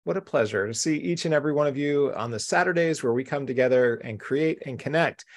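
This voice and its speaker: A man's voice: mid-range voice, brisk. A man hosting a live-streamed craft show from home, chatty, upbeat and welcoming. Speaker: host.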